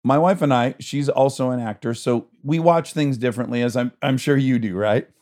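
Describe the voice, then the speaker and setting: A man's voice: mid-range voice, brisk, a little mellow. A man hosting a podcast, chatting with his guest in an enthusiastic way and laughing between thoughts. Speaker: podcast host. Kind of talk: casual interview chat.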